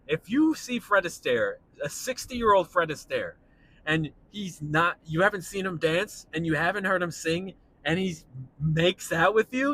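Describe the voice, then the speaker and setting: A man's voice: high-pitched, a little slow. A young man, a stand-up comedian, talking casually and incredulously to himself while driving in his car. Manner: animated, incredulous, mimics voices.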